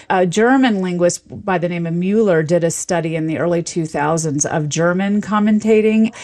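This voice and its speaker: A woman linguist, a guest expert, explaining eagerly in an interview and laughing often. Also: medium pitch. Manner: enthusiastic, lecturing, laughs often.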